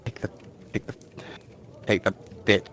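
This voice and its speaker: A man's voice: measured pace, fairly bright tone, a little hiss or hum. A man running a tabletop game as game master, narrating loosely with fillers.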